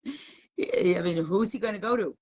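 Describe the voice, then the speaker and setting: A woman teaching a live class, telling a story in an animated, conversational way and acting out the quotes. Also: medium pitch, a little slow, husky.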